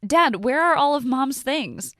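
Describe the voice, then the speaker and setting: A woman voicing an angry, grieving teenage girl who shouts in a high voice. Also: sing-song, unhurried, dry recording, studio quality, exaggerated voice. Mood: furious.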